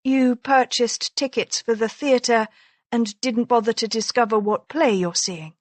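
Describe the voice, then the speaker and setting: A woman voicing a sharp-tongued aristocratic Regency wife, crisp, haughty and argumentative, in an audiobook. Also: a little high, fairly even intonation, a little slow, dry recording, lightly acted.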